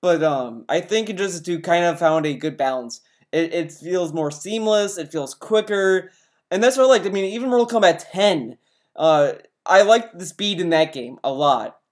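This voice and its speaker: A man's voice: high voice, expressive, normal speed. Exasperated man ranting at a video. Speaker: video host reacting to a review. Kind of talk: casual reaction commentary.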